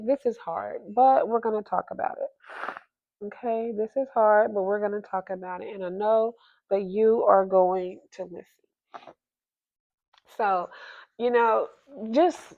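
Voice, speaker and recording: Woman host, personal story monologue, halting and emotional, slightly dull lo-fi audio. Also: fairly high pitch, creaky. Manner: halting, emotional, many restarts. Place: at home.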